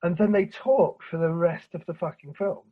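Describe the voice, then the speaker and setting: In a lo-fi recording, a man with a high-pitched, husky voice rants at normal speed and in a steady tone during casual chat. He laughs and swears while picking apart an old cartoon film.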